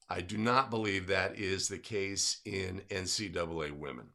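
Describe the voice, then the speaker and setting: A man's voice: low voice, moderate pace, gravelly, few pauses, bright, forceful tone. A man hosting a livestream in casual chat, upbeat and greeting viewers by name. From California. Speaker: livestream host.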